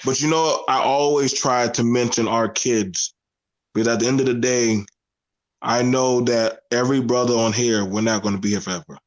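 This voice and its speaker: A man's voice: mid-range voice, steady tone, normal speed, rough recording. Male panel guest, Southern US accent, earnest and emphatic, mid-range voice. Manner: earnest, emphatic, repeats phrases. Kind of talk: casual panel discussion.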